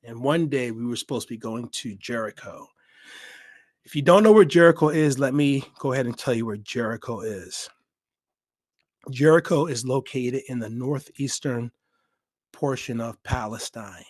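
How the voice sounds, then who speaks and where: A middle-aged man recalls a journey in a loose, unscripted way. He leans hard on repeated words and stops now and then to find his thoughts. His voice sits at a middle pitch and sounds dry and close, with no room echo. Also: darkish tone. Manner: emphatic, repeats words for effect, pauses to collect thoughts. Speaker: travel podcaster. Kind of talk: unscripted travel reflection.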